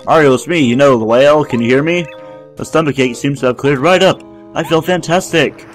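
A man's voice: a little high, fairly quick, soft background music, voice pushed up, lightly acted. A man voicing a big male whale in a game, whining and pleading. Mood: relieved.

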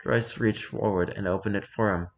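A man with a lowish voice reads a story aloud. He narrates calmly and deliberately, letting each sentence settle.

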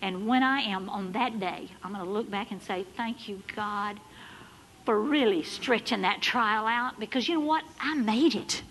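A woman preaching a sermon in a church, building to loud, fervent exhortation. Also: mid-range voice, moderate pace, slight background noise, low-quality recording. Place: church sanctuary.

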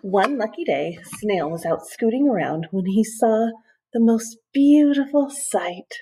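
A woman's voice: a little high, expressive, a little slow, dark tone, slightly rough, rough recording. A woman, a school librarian, reading a picture book aloud to children, chatty and playful, with casual asides.

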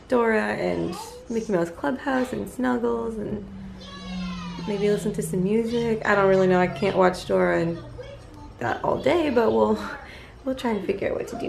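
A woman's voice: mid-range voice, normal speed, gravelly, noisy background. A young woman and mother talking casually to the camera at home, chatty and rambling with lots of fillers. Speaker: family vlogger, mother. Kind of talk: casual vlog chat. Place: home, on the couch.

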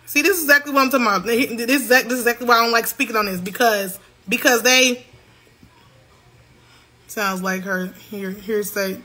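A young woman ranting heatedly to her livestream viewers, loud, profane and repeating herself. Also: fairly high pitch, fairly even intonation, a little fast.

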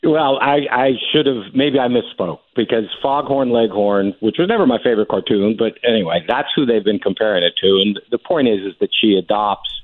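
A man's voice: lowish voice, dry recording. Skeptical man in his fifties on a tinny phone line. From New Jersey. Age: 50s. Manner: measured, skeptical. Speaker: political journalist guest. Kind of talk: phone-in interview. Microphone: telephone.

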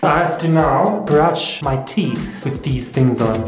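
A young man talks through a casual challenge vlog in a slow, easygoing way, swearing often and erupting into loud outbursts. His voice bounces around an echoey room. Music plays clearly behind him. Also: fairly high pitch, lively intonation. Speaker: YouTuber.

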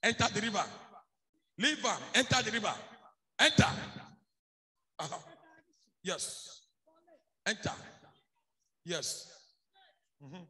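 A man with a Nigerian accent, a pastor leading a deliverance prayer session with repeated shouted commands. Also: sits high, expressive, takes it slowly, long pauses. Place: church service. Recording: roomy church hall with faint music.

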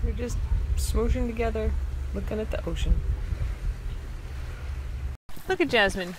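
A woman vlogging outdoors, telling a lively story and chatting to her dogs. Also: on the high side, measured pace, noisy background. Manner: animated storytelling, playful asides to her dogs. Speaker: vlogger and dog owner. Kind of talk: casual storytelling to camera and dogs. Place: outdoors by the ocean.

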